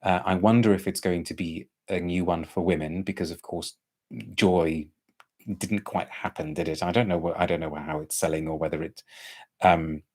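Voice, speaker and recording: A man with a fairly low voice chats casually through a live stream. He reads out viewers' comments and trips over his words, restarting sentences as he thinks aloud. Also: steady tone, normal speed, darkish tone. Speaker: perfume reviewer hosting a live stream.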